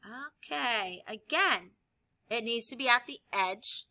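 A woman teacher explaining a lesson while she demonstrates with objects, upbeat and clear. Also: fairly high pitch, lively intonation, slow pace, pushed and bright. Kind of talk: classroom video lesson.

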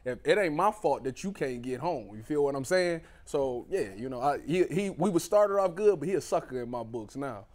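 A man's voice: on the high side, animated, moderate pace, hardly any pauses, darkish tone, lightly acted. A man playing a boastful young male football star in a comedic impression, full of slangy trash talk. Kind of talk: comedic role-play impression.

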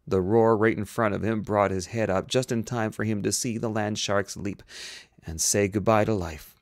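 A man's voice: fairly low pitch, steady tone, moderate pace, no room sound, clean studio sound. A man reading a science fiction novel aloud, now and then stopping to reread a slipped line. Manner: reads, stops and rereads slipped lines. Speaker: audiobook reader. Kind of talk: amateur audiobook narration.

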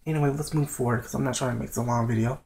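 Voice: mid-range voice, fairly even intonation, rapid-fire, vocal fry, a little mellow, low-quality recording. A vlogger whispering at home late at night, giving a blunt, profane review of a TV episode. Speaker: show reviewer.

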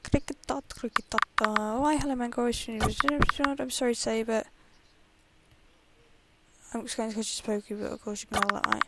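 Woman gamer, somewhat high voice, reads game text aloud with chatty asides, heavy noise in the mix. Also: fairly even intonation, normal speed. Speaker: let's play gamer. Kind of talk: casual game commentary. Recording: loud background noise.

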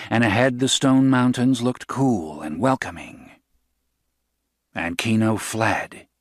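A man reading a novel aloud in measured, steady audiobook narration. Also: fairly low pitch, dry recording, studio quality. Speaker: audiobook reader.

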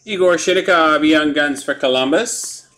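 A man hosting a live card break, briskly listing player names and teams and chuckling over hard names. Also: on the high side, bright, forceful tone. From Canada. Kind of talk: live sports card break, calling out pulls. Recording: noisy room with card-pack crinkling.

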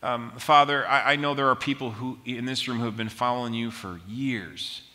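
A man preaching a sermon as pastor, telling stories in an animated, self-mocking way. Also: medium pitch, normal speed. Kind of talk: sermon with storytelling. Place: large church auditorium. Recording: long hall reverb.

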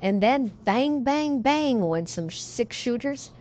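A woman's voice: fairly high pitch, lively intonation, takes it slowly, darkish tone. A woman reading a folksy cowboy yarn-spinner. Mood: yarn-spinning. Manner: drawling frontier dialect, leisurely yarn-spinning. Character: folksy male cowboy storyteller spinning a tall tale. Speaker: audiobook reader. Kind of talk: audiobook reading of a western yarn.

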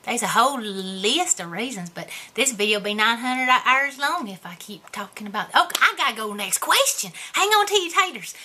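A woman's voice: on the high side, animated, a little fast, hardly any pauses, pushed and bright, slight background noise. A woman playing a goofy, boastful character in a comedy vlog, talking in a rambling, self-mocking way. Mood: playful. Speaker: vlogger answering viewer questions.

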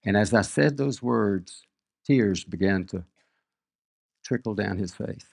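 A man's voice: lowish voice, takes it slowly, creaky, a little mellow. An older man preaching a sermon, reading scripture aloud and telling earnest stories about his own family. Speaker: guest preacher. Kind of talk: sermon with personal storytelling.

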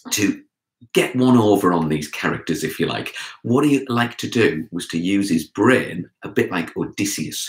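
A man who writes children's books, telling a folk tale to children in an animated, expressive way and speaking to his listeners directly. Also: deep voice, roomy sound, low-quality recording. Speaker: children's author and storyteller. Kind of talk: storytelling for children.

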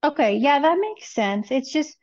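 A woman's voice: high-pitched, big pitch swings, normal speed, darkish tone, dull audio. A woman calling in to ask a question, speaking hesitantly and thoughtfully with fillers. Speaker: caller asking a question. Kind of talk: casual question and discussion.

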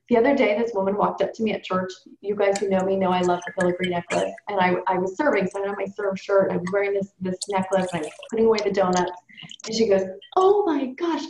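An upbeat woman coaches her sales team through a call, chatty and direct. Her voice sits at a middle pitch. The audio is roomy and a little dull, with a faint hiss behind it. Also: creaky, a little mellow. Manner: upbeat, coaching tone, addresses group as you guys. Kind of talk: training call talk. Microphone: call or webinar.

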